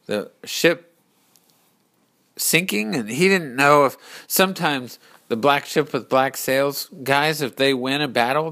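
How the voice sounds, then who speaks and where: A man telling a story slowly and deliberately, pausing to explain its lessons. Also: mid-range voice, fairly bright tone. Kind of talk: storytelling narration.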